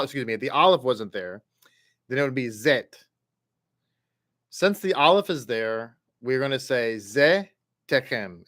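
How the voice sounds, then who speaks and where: A man teaching a Hebrew reading class, patiently sounding out letters and syllables, with halting restarts and frequent check-ins. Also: mid-range voice, bright, forceful tone. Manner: patient, repeats sounds slowly for learners. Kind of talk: online class instruction.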